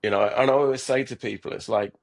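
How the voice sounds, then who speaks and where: Husky, creaky-voiced man talking earnestly. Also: medium pitch, steady tone, fast talker. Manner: earnest, repeats words and restarts often. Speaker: podcast guest, startup founder. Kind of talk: reflective conversational interview.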